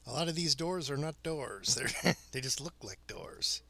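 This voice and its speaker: Male game streamer, laid-back commentary with dry humor; slow, crisp gravelly voice. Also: mid-range voice. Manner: relaxed, chuckling, dry asides. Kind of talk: casual gameplay commentary.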